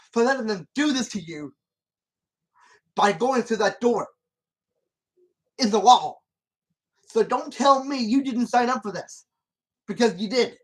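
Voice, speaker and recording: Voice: medium pitch, poor audio. A channel host talking through a film scene in loose, casual commentary. The delivery rambles and circles back, with frequent false starts, and it turns emphatic when arguing with the character. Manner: rambling and repetitive, with many restarts.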